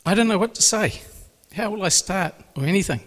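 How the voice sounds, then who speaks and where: Man, lay preacher, emotional testimony, somewhat high voice, long hall reverb. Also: lively intonation, fairly quick, fairly bright tone. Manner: earnest and emotional, repeats phrases. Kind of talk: personal faith testimony.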